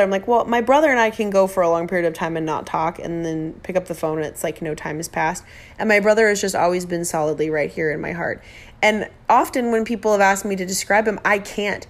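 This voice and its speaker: Talking briskly in a medium-pitched voice, this middle-aged woman speaks from the heart on her own podcast. Her personal monologue is emotional, broken up by touches of self-deprecating humor.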